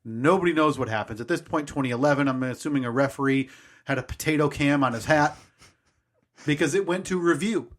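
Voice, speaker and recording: A man's voice: on the high side, brisk. A man in his thirties co-hosting a podcast, telling a long story in a casual, rambling, self-mocking way. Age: 30s. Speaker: podcast co-host.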